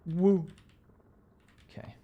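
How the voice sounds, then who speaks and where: A man streaming a game live, chatting casually and jokily with sudden loud playful yells. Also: drawn-out words, narrow, tinny audio. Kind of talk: casual live-stream chat while gaming.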